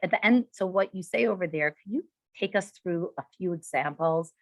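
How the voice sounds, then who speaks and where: A woman interviewer asking curious, halting questions in an online conversation. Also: on the low side, no room sound, rough recording.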